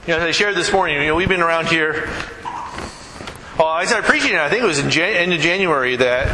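A man preaching a sermon in a church, earnest, swinging between loud emphasis and hushed softness and slowing down to quote scripture. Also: fairly high pitch, a little hiss or hum. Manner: slows down when quoting scripture. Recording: echoey room.

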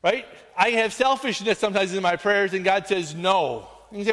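A pastor delivers his sermon in an earnest, conversational way, his voice sitting high for a man. He keeps checking in with the congregation with quick asides. The sound rings with the long reverb of a large hall. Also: fairly bright tone. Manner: earnest, conversational preaching with frequent "right?" asides.

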